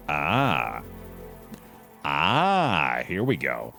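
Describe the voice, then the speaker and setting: A young man casually commenting on a card game on a live stream, chatty and relaxed, calling his chat dude and bud. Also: on the low side, a little slow, pauses often, faint music behind.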